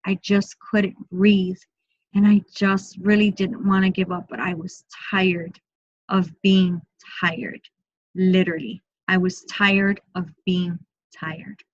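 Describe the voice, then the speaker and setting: Woman medium, gentle slow delivery, repetitive phrasing, dry muffled audio. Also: fairly low pitch, flat delivery, no room sound. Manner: soft, slow and repetitive, speaking in first person for the spirit. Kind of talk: online group mediumship reading.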